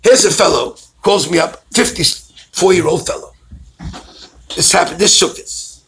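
A rabbi with a high, gravelly voice preaches by telling stories, acting out each voice in them. He swings between his own voice and those of the people in his tales. A faint hiss sits under the recording. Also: unhurried. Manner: animated storytelling, acts out callers' voices. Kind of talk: storytelling sermon.

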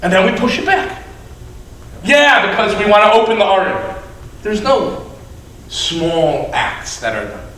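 Rabbi giving a sermon, a man with a high, lively voice, picked up from a distant mic. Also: slight background noise. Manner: animated, drawn-out emphatic phrasing. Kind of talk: sermon with storytelling. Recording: echoey hall, mic at a distance.

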